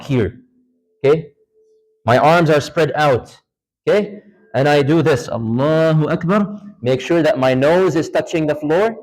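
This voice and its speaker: A man's voice: on the high side, rough recording. A male religious teacher giving an informal class lecture in a mosque, quizzing students and dropping in short Arabic phrases and recitations. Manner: informal, asks the class questions, repeats points. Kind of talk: classroom lecture with live demonstration. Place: mosque hall.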